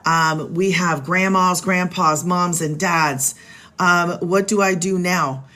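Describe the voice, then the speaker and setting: A woman's voice: lowish voice, steady tone, slow, pushed and bright. Chatty upbeat woman selling on a live stream. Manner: chatty and upbeat, talks straight to viewers, reads out their names. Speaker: live stream host selling online business programs. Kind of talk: casual live stream pitch. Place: home. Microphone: phone.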